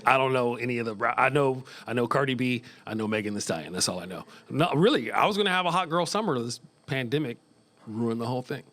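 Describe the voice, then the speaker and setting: A man's voice: mid-range voice, lively intonation, fast, a bit bright. A man in his fifties from Northern California doing loose, profane live stand-up comedy in a small club, chuckling at his own jokes. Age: 50s.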